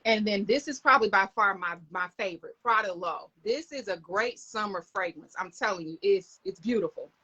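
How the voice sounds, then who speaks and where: A woman's voice: medium pitch, moderate pace, hardly any pauses, pushed and bright, muffled recording, a little hiss or hum. A middle-aged woman, chatting enthusiastically to viewers in a casual live stream, recorded on a phone camera.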